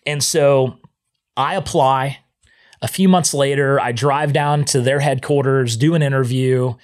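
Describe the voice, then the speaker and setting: A man's voice: mid-range voice, fairly even intonation, unhurried. A man telling the story of how he became a missionary in a casual, conversational way, often dropping in "man" and "right?". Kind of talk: personal testimony storytelling. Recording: music playing underneath.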